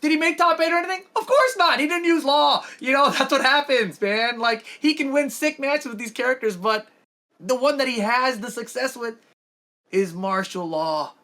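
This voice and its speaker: A man on a casual gaming podcast, telling a tournament story quickly and emphatically. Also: very high-pitched, lively intonation, sharp tone. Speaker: podcast co-host.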